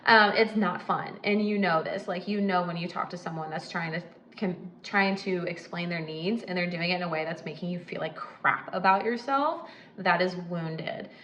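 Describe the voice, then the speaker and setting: A woman's voice: on the low side, normal speed, a bit bright, echoey room, slight background noise, rough recording. A woman talking casually and emphatically to the camera as host, with frequent asides and light laughs. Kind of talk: casual advice talk.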